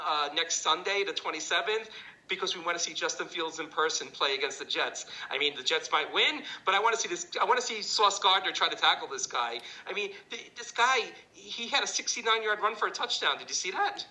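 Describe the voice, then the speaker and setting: Bright-voiced man rambling about football. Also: high-pitched, expressive, brisk, poor audio. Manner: rambling, hesitant, ends phrases with "and stuff". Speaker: sports show co-host. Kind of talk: casual sports chat.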